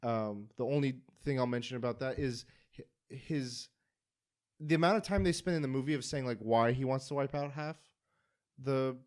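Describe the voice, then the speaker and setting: A man's voice: medium pitch, moderate pace. A man hosting a casual podcast chat, retelling a story with acted-out quotes and lots of fillers. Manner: animated storyteller, acts out quotes. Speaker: podcast host.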